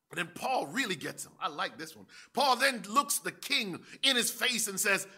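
Forceful, high-voiced male preacher. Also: big pitch swings, normal speed, few pauses, breathy edge. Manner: dramatic, builds to shouts. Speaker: pastor. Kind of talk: sermon.

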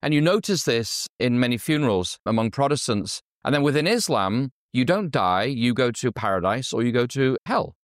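A man's voice: mid-range voice, expressive, moderate pace, few pauses, no echo, clean studio sound. A man from Yorkshire preaching a conversational sermon who keeps asking his listeners questions. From Yorkshire, England. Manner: conversational, asks the audience questions. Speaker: pastor.

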